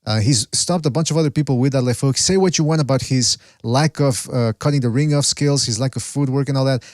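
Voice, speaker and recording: A man's voice: mid-range voice, a little fast, a little mellow, dry recording. A man hosts a casual podcast and rambles along, stopping to search for names and restarting his sentences. His voice sits in the middle range for a man. It is recorded dry, with no room sound. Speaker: podcast host.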